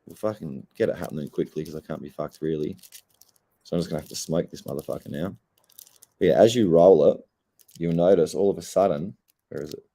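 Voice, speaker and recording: A man's voice: rumbling low, fairly even intonation, brisk, gravelly, dark tone. A young Australian man, stoned and laid-back, rambling and swearing heavily in a casual livestream chat. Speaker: streamer.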